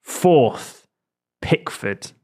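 A man co-hosting a football podcast, quizzing the others in quick, lively chat and laughing often. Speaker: podcast co-host. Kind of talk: casual chat.

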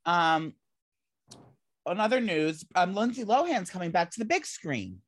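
A man co-hosting a casual gossip podcast, rambling and excitable, swearing casually. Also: high voice, measured pace. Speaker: podcast co-host.

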